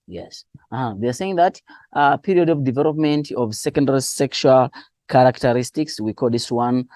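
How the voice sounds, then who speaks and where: A man going through exam answers as a teacher, spelling out key terms slowly and asking and answering his own questions. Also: mid-range voice, darkish tone, no echo, clean studio sound. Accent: Southern African English. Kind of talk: exam revision lesson.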